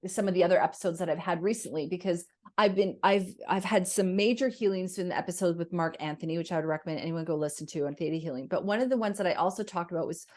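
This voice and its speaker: Reflective woman podcast host, lowish voice. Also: fast talker, few pauses, darkish tone. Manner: reflective, chatty, many fillers. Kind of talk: conversational interview.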